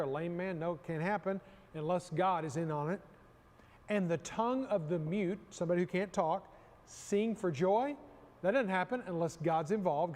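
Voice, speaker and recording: A man preaching in a high, ringing voice, carried by a long reverb that trails after each phrase. He presses his points hard, circles back on key phrases and calls the congregation to speak along with him. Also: darkish tone. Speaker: pastor. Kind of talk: sermon.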